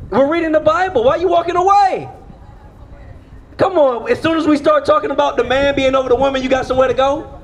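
A man's voice: extremely high pitch, steady tone, quick pace. A man preaching outdoors on a street, firing rhetorical questions at the crowd and pulling them into call-and-response.

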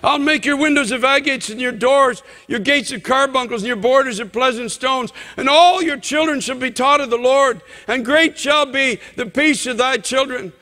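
A male pastor preaches with fervent, shouted conviction. His voice sits very high and bright, and it rings out with long reverb through a large church. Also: normal speed, hardly any pauses. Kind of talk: sermon.

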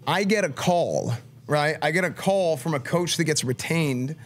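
Animated man telling a story. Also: on the high side, measured pace. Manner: animated, lots of filler "like", acts out quoted speech. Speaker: streamer. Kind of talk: casual storytelling.

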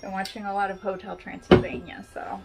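A woman's voice: medium pitch, monotone, brisk, creaky, over loud music. A woman hosting a casual craft tutorial, chatting to the viewer and poking fun at herself as she works. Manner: chatty and self-deprecating, talking to the viewer while working.

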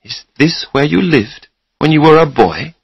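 A man reading a storybook, voicing a gentle, caring young woman who speaks softly and with concern. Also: on the high side, animated, a little slow, gravelly, husky, no room sound, lo-fi sound, voice pushed up, full character voice. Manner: soft, concerned.

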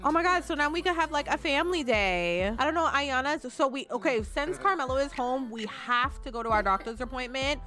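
A woman giving casual gameplay commentary, excitable and quick to squeal and swear. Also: high voice, faint music behind. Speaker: gaming channel host.

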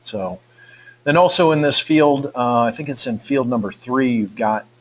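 A man's voice: medium pitch, moderate pace, low-quality recording. A man presenting a technical webinar, walking through a live demo in a casual way with lots of fillers and restarts. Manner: casual, thinks aloud with many fillers. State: out of breath.

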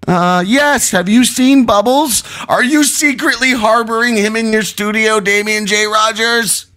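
Man doing a squeaky frantic prank caller. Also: a little slow, bright, forceful tone. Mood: panicked. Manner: panicked, high and strained.

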